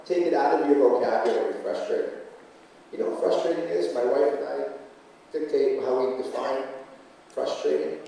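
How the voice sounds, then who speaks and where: Man, 40s, motivational speaker, punchy and rhetorical; distant, boomy hall sound. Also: dark tone, slight background noise. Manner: punchy, rhetorical, asks the crowd questions. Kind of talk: motivational speech to a live audience. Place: conference hall. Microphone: room recording from far off. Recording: echoey hall, recorded from far off.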